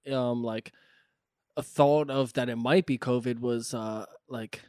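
A man's voice: mid-range voice, steady tone, a little slow, warm tone, smooth, no room sound, clean studio sound. A man telling a story in a casual podcast chat, full of fillers and cursing. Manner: rambling, filler-heavy storytelling.

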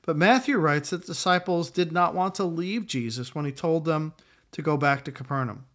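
A man's voice: fairly high pitch, normal speed, a bit bright. A middle-aged man preaching a sermon in a conversational way, acting out quotes along the way. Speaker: pastor.

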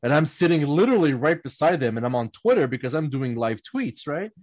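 A man's voice: on the high side, big pitch swings, a little fast, darkish tone, no room sound. A man telling rambling anecdotes on a casual podcast panel, often laughing and restarting his sentences. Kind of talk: casual storytelling chat.

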